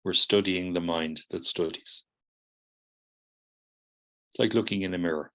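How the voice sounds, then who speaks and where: This middle-aged man speaks to psychotherapy students in a low, steady, slightly bright voice, unhurried throughout. His explanations are patient, punctuated by "do you see?" and by impressions of students' replies.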